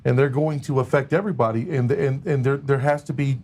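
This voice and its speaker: A man's voice: mid-range voice, steady tone, brisk, darkish tone, slight background noise. A man speaking as a podcast guest, talking earnestly with frequent hesitations. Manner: earnest, hesitant with many fillers. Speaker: guest, recovery organization leader. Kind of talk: casual chat.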